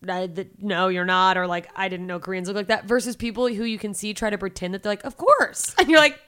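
A woman interviewing a guest in casual chat. Her voice is bright and clear, with a crisp edge. She laughs easily and slips into little acted quotes. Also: mid-range voice, steady tone, fast. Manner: chatty, laughs often, acts out quotes. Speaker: podcast host.

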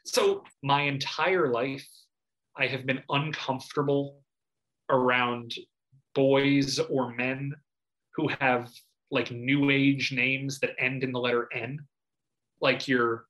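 A man, chatting casually as a podcast co-host. He tells stories animatedly and breaks into shouted impressions of his younger self. His voice sits at a middling pitch. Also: steady tone, takes it slowly. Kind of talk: casual chat.

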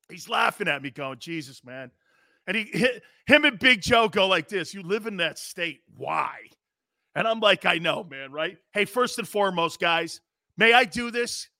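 A middle-aged man hosting a live sports talk stream, loud and excitable, reacting to the chat with exclamations. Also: high voice, dry recording. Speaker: sports talk show host.

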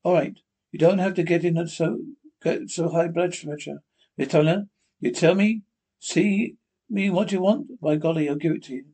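Man doing nosy butcher, broken English, folksy, husky and dark. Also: on the high side, moderate pace. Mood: teasing.

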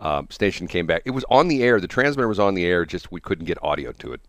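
A man's voice: low-pitched, lively intonation, fast, fairly bright tone, no room sound, studio quality. An older man hosting a radio morning show, telling rambling stories and chuckling often. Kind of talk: casual on-air chat. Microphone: studio broadcast mic.

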